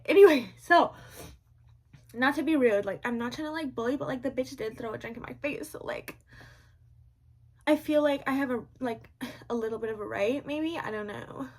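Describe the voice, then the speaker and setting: A young woman telling a story to her viewers in a casual vlog, animated and slangy, repeating lines for drama. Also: on the high side, moderate pace.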